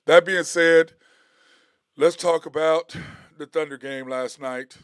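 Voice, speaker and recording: Chatty sports podcast host. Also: male voice, on the high side, slow, pauses often, clear, resonant tone, no echo, studio quality. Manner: animated storytelling, gets heated and loud when retelling a confrontation; rambling with frequent fillers and restarts. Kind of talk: casual solo sports talk.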